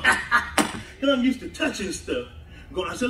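A man's voice: high voice, animated, moderate pace, a bit bright, a little hiss or hum. A man preaching a sermon as pastor, laughing often and drawing call-and-response from the congregation. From southern United States. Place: church sanctuary. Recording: echoey church hall mic from a distance.

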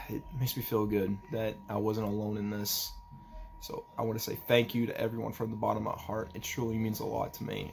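A young man talking in a personal vlog, halting and emotional as he tries not to cry, with a faint hiss behind him. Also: on the low side, vocal fry, darkish tone. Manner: halting, emotional, restarts often. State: holding back tears. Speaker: vlogger.

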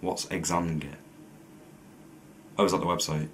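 Young guy, very low voice, faint hiss behind. Offhand, sweary vlog delivery. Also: steady tone, measured pace, a bit bright. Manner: blunt, swears freely, reads questions aloud. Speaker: vlogger. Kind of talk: casual accent-challenge vlog.

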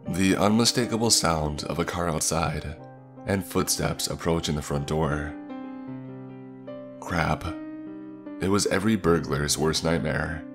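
Super deep-voiced guy reading a creepy story, measured and suspenseful. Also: music in the background. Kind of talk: scripted horror narration.

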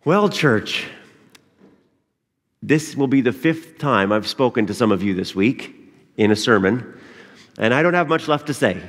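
A pastor giving a sermon in a conversational manner, with frequent pauses and fillers. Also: male voice, mid-range voice, animated. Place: church sanctuary. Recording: long church reverb.

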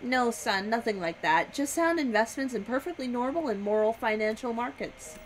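A woman's voice: a little high, expressive, normal speed, slight background noise, natural voice, poor audio. A woman voicing a smug father brushing off his son's question. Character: smug evasive rich father.

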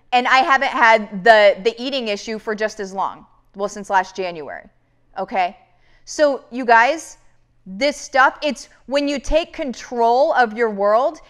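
Earnest woman coach, slightly high voice. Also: fairly bright tone. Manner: earnest, repeatedly addresses "you guys"; rambling with many restarts. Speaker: online business coach. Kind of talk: motivational talk to camera.

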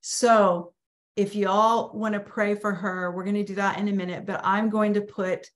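A woman's voice: medium pitch, level tone, moderate pace. A woman leading an online prayer meeting, speaking in an encouraging, faith-filled way with many fillers over a video call.

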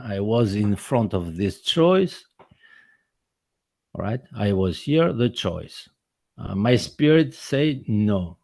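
A man who makes documentaries, giving a personal account in a presentation in halting, non-native English full of restarts and repeated words. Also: mid-range voice, a little mellow, no room sound. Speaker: documentary filmmaker presenting his work.

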